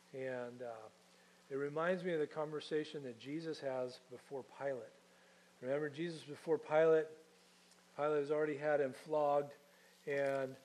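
Male pastor, slightly high voice, chatty teaching sermon to a church crowd. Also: a little mellow, rough recording. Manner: conversational teaching, asks the congregation questions.

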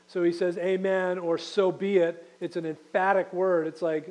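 A man's voice: high-pitched, level tone, normal speed, a little mellow, poor audio. A man preaching a sermon in a conversational way, repeating key phrases for emphasis. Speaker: pastor.

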